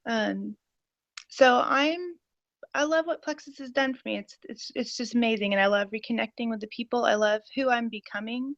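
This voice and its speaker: A woman's voice: on the high side, moderate pace, fairly bright tone, dry recording. A woman in her forties giving an eager, rambling personal testimony on a call, with many fillers. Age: 40s. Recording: dull, lo-fi and dry.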